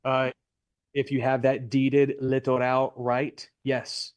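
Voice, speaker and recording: A man's voice: medium pitch, completely flat delivery, takes it slowly, no room sound. Joking male real estate instructor. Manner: chatty, jokey, asks the class questions. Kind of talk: live classroom lecture. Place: Florida classroom.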